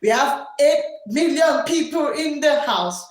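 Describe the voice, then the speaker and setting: A woman teacher hosts a live stream and reads viewer comments aloud. She talks slowly in a loud classroom voice, pitched a little high, and repeats her questions over and over. The room around her is echoey. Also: expressive.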